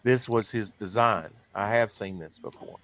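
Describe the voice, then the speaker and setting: A man's voice: fairly low pitch, moderate pace, a bit bright, no room sound. A man hosting a comics podcast, reading news in a rambling, casual way, with lots of fillers. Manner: rambling, filler-heavy, self-deprecating. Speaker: podcast host.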